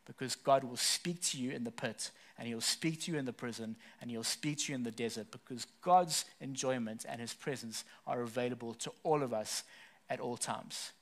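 Guy pastor preaching at church, swings from loud fired-up lines to quiet soft ones, mid-pitched voice. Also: moderate pace. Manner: passionate preaching that rises to loud emphasis then drops soft. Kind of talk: sermon. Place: church service.

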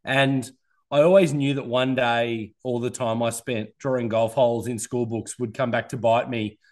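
A man's voice: mid-range voice, fairly even intonation, normal speed, a little mellow. A man in his thirties with an Australian accent hosts a casual podcast chat. He talks in an easy, chatty way and pokes fun at himself. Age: 30s. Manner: self-deprecating, chatty. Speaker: podcast host.

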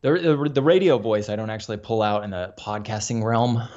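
A man's voice: lowish voice, brisk, a little mellow. A man talking as a guest on a sports podcast, chatting casually and complaining with exasperation. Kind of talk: casual chat. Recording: dull lo-fi audio.

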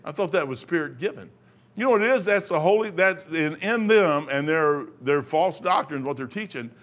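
A middle-aged man delivers a sermon in a high voice. He drifts off the passage into joking stories from his own life, then circles back to the scripture. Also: expressive, moderate pace, a bit bright. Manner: rambling, jokey asides. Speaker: preacher.

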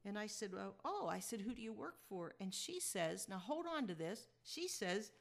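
A woman's voice: medium pitch, sing-song, moderate pace, vocal fry. A woman podcast host telling a personal story in a chatty, reflective way and chuckling as she goes.

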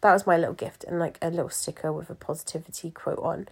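A woman's voice: on the low side, steady tone, quick pace, breathy edge. A young woman, a pageant coach, talking candidly to her followers in a casual, chatty monologue full of fillers and asides. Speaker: pageant coach and event organiser.

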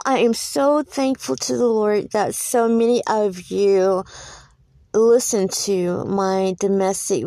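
A woman hosting her own podcast, talking on her own in a preachy, animated way, with many fillers and repeated words as she tells stories. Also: mid-range voice, gravelly, no room sound. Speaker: podcast host. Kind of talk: solo podcast monologue.

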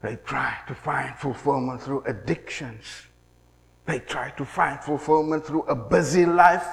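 Male preacher, high voice, dramatic sermon, long hall reverb. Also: normal speed, vocal fry, a little hiss or hum. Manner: dramatic, swings from shouting to hushed murmur. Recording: echoey hall.

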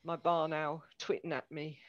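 A woman's voice: low voice, little pitch movement, moderate pace, no room sound, dull audio. A woman co-hosting a casual podcast chat from a rural home, chatty and laughing often. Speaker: podcast co-host.

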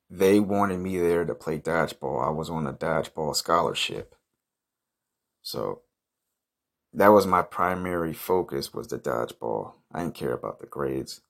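A young man with a very low voice spins a ridiculous boastful story for his podcast. He talks in a loose, rambling deadpan, full of swearing and fillers. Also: a little slow, vocal fry. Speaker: podcast host.

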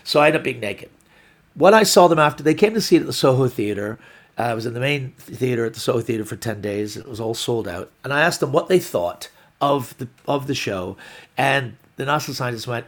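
Male comedian, raspy-edged voice, loose storytelling, lots of restarts. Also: medium pitch, a little fast. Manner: rambling, animated storytelling with restarts and acted-out quotes. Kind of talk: storytelling on a podcast.

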